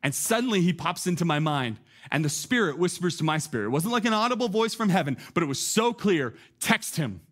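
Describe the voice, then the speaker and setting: A male pastor preaching a sermon in a loose, conversational way. His voice sits a little higher than most men's, and he is animated, drops in casual asides and keeps talking straight to his listeners. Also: fast talker.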